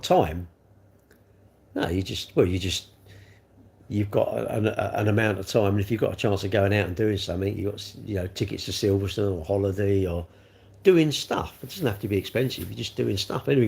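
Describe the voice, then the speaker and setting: A man's voice: fairly low pitch, vocal fry, a little mellow, husky. A middle-aged man, rambling through a casual livestream and answering viewer comments, calling them mate. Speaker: livestream host.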